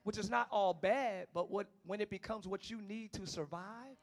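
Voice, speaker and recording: A male pastor preaching a passionate sermon, swinging between shouting and hushed tones and talking straight to the congregation. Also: high voice, moderate pace. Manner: talks directly to the congregation, calling them y'all.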